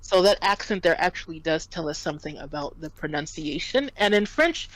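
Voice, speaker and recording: A woman's voice: low voice, expressive, fairly quick, fairly bright tone, rough recording. A woman tutoring French in a casual lesson, patiently explaining and spelling out words.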